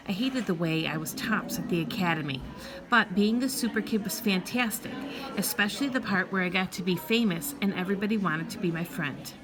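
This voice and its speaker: A woman's voice: mid-range voice, fairly quick, over music. A woman narrating a children's novel in the first person, in a wry, matter-of-fact manner. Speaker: audiobook narrator.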